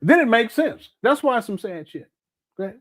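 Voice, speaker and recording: A man with a high voice that jumps up and down a lot, hosting a livestream. He jokes and curses freely and stumbles over his own words. The sound is dry and close. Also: sing-song, normal speed, a bit bright, no echo. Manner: loose, joking and profane, trips over his words. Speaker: livestream host. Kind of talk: casual reaction commentary.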